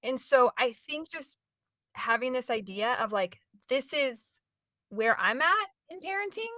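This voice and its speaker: A woman's voice: high voice, a little slow, dry recording, clean studio sound. A woman co-hosting a podcast who is a mother of five, giving emphatic advice in casual chat. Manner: emphatic, animated advice-giver.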